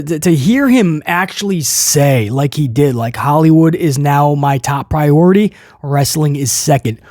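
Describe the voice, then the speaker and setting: A man hosting a casual wrestling podcast, ranting in an animated, incredulous way. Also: fairly high pitch, dry recording, studio quality. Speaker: podcast host.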